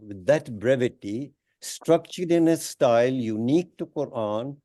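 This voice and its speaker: A man with a mellow, warm voice lectures on scripture at an Islamic center. He speaks in a measured, deliberate way, pausing often and leaning on key phrases for emphasis. His pitch sits in the middle range. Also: expressive. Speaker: teacher of a Quran study class. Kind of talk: lecture explaining Arabic grammar of scripture.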